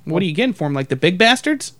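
Brief: young male podcast co-host, high voice, profane and joking, bursts into loud shouted bits; dry close sound. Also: big pitch swings, very fast, dry recording. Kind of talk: crude casual banter.

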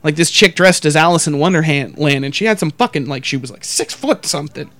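A man's voice: a little high, animated, brisk, a bit bright, no echo. A man hosting a podcast, telling crude comedic stories in a rambling, profane way and acting out other people's lines. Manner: profane, rambling, acts out quotes in exaggerated voices. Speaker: podcast host.

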